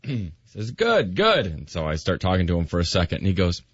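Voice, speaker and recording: A man's voice: sits low, quick pace, breathy edge, no echo. A male radio host telling a story in casual banter, acting out the lines he quotes. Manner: animated storytelling, acts out quotes. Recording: dry, slightly dull radio studio mic.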